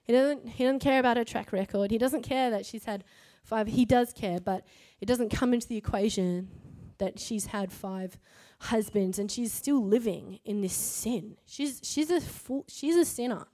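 High-voiced emphatic woman preacher. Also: normal speed, warm tone. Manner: emphatic, rhetorical, punctuates points with "okay?" and "right?". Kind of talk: sermon.

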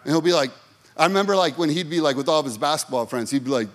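A man's voice: on the high side, racing. A man preaching a sermon in a chatty storytelling way, asking the congregation questions as he goes. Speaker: pastor.

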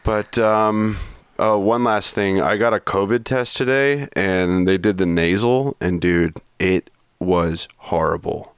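A young man, talking casually on a podcast. He tells stories with animated mock outrage. The sound is dry and close. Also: low-pitched, slow, clear, resonant tone, dry recording. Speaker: podcast co-host. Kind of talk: casual chat.

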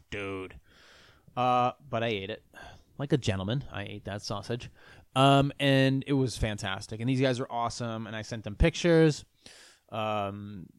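A man in a relaxed, rambling monologue, full of ums and restarts, cursing casually as he goes. His voice sits at an ordinary middle pitch. The recording is dry and close, with no room sound. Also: clean tone, no room sound. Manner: loose, rambling, lots of fillers and restarts, swears freely. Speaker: vlogger.

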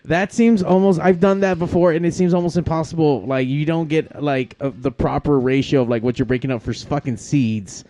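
A man's voice: a little high, a little fast, few pauses, dark tone. A man hosting a podcast, swearing freely, laughing often and teasing his guest in loose casual banter. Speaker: podcast host.

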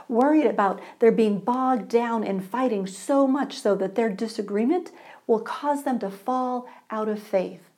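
Warm-voiced woman pastor preaching. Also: mid-range voice. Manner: conversational, asks the congregation for responses. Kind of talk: sermon.

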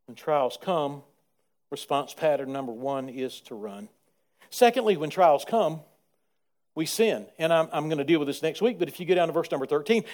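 A man, preaching a sermon in repetitive rhythmic phrases and swinging between quiet asides and loud, emphatic passages. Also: fairly high pitch. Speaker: pastor.

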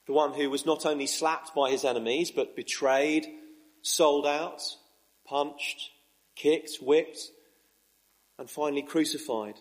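Earnest male preacher, fairly high voice. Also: fairly even intonation. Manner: earnest, measured preaching with emphatic rises. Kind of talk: sermon.

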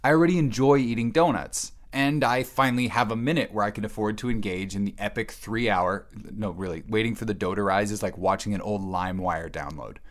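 A man giving a rambling comic monologue, wry and self-mocking, alone in an empty cabin and sometimes breaking into excited yelling. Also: lowish voice, fairly quick, hardly any pauses.

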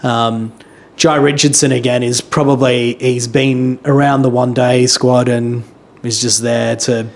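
A man's voice: mid-range voice, unhurried, hardly any pauses. A man co-hosting a podcast in casual chat, thinking aloud with small hesitations. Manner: relaxed, hesitant, restarts while thinking aloud. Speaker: podcast co-host.

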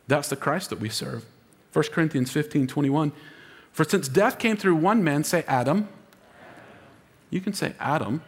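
A man's voice: fairly high pitch, moderate pace, pauses often, long reverb tail, some chatter behind, slight background noise. A man preaching an Easter sermon as lead pastor, emotional and calling on the congregation to answer back. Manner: emotional, preaching with audience call-and-response.

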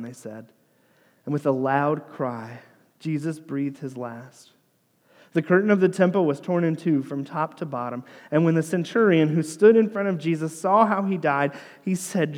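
A man preaching a sermon, retelling the story dramatically, dropping to a hush and swelling louder by turns. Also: on the high side, fairly even intonation, normal speed. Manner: dramatic storytelling, dropping to a hush for quoted words, rising for crowd lines. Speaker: pastor. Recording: long hall reverb.

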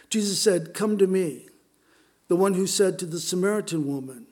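A man's voice: fairly high pitch, steady tone, moderate pace, darkish tone. A middle-aged man from Southern California preaching a sermon in a conversational, storytelling way. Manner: conversational, storytelling, many fillers. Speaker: pastor. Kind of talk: sermon with personal stories.

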